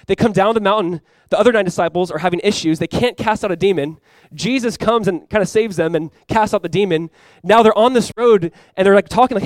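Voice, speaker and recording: A young adult man preaching a sermon as pastor, animated and acting out playful voices for the disciples. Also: sits high, quick pace, few pauses, no echo.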